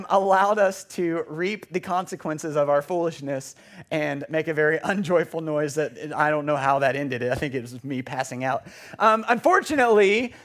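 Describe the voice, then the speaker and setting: A young man with a fairly high voice tells a funny, self-deprecating story from the pulpit. He rambles through it with plenty of fillers, speaking in a church service. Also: fairly bright tone. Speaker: preacher. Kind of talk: storytelling sermon. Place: church sanctuary.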